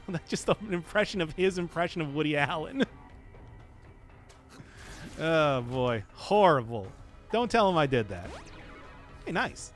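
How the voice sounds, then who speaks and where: A man's voice: a little high, animated, measured pace, pauses often, a bit bright, soft background music. Jokey, rambling male game streamer. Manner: jokey, rambling, chatting with viewers. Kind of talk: casual gaming stream chat.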